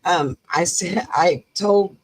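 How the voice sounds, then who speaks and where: Sick woman co-host, croaky and folksy, rambles through a chatty story. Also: on the low side, slow pace. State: sick, under the weather. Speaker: co-host of a live chat show. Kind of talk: casual chat.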